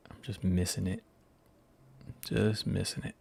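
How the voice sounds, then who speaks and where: Slow, low-voiced man hosting a livestream. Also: little pitch movement, gravelly, darkish tone, slightly rough. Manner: rambling, self-mocking, talks to viewers while searching. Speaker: livestream host. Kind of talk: casual livestream chat.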